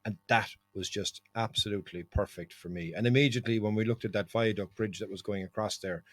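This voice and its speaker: An Irish man hosting a podcast, chatting casually and telling lively travel stories with laughs. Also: on the low side, fairly quick. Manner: storytelling, animated, laughs often. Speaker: podcast host. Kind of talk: casual chat.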